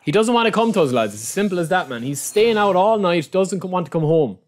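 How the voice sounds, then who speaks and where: Excitable Irish gamer, high and lively. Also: male voice, fast talker. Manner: excitable, repeats phrases, keeps addressing the viewers as lads. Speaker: gaming YouTuber opening card packs. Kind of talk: live-streamed gaming commentary.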